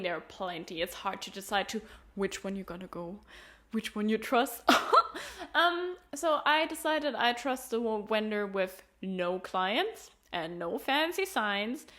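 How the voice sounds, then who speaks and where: Lively high-voiced young woman vlogger. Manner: chatty and animated, laughs often, acts out quotes. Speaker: travel vlogger. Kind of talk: casual chat.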